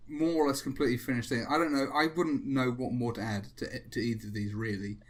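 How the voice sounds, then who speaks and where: A man's voice: mid-range voice, fairly even intonation, quick pace. A man hosting a casual chat while drawing, rambling and self-mocking with frequent chuckles. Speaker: host.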